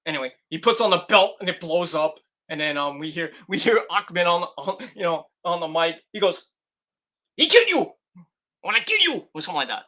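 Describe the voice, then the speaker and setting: A man's voice: fairly high pitch, a little fast, hardly any pauses, sharp tone. A man reviewing a wrestling show in a loose, rambling way, giggling and restarting his sentences. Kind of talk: rambling casual commentary.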